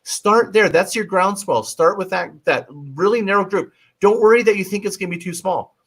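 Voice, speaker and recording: A man's voice: sits high, normal speed, fairly bright tone, husky. A man talking as a guest marketing coach in a casual interview, emphatic and pleading, often breaking off and restarting, with the odd swear word.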